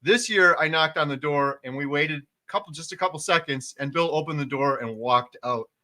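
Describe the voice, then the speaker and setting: Middle-aged guy hosting a livestream, pretty high voice, earnest and straightforward. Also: normal speed, bright, forceful tone. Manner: earnest, matter-of-fact storyteller who chimes in. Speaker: host. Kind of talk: casual livestream chat.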